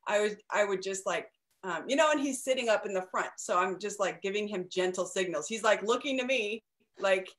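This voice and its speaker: A woman's voice: medium pitch, a little fast, fairly bright tone. A woman hosting a parenting podcast, talking casually, laughing often and restarting her sentences. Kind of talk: casual conversation.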